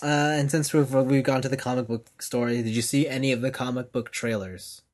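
A man's voice: medium pitch, steady tone, a little fast, a little mellow. A man co-hosting a casual pop-culture podcast, upbeat and leading the topics. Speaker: podcast co-host. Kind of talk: casual chat.

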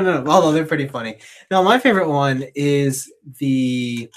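A man's voice: mid-range voice, moderate pace. A man co-hosting a podcast, laid-back, chiming in with easy agreement and closing the show. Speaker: podcast co-host. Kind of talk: casual chat.

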